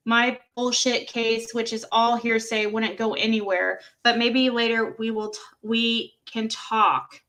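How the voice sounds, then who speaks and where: A woman reading screenshots of text messages to her livestream audience. She speaks slowly, in a bright and slightly high voice. She keeps stopping to react with exclamations and laughs. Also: level tone. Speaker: livestream host. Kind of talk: reading texts aloud on a livestream.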